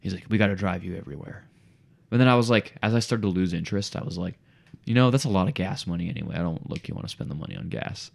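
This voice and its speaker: A man's voice: sits low, fast, vocal fry. A young man casually telling a story on a podcast, acting out what people said and calling his listener "dude" and "bro". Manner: animated storyteller, acts out quotes, says "dude" and "bro" a lot. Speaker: podcast co-host.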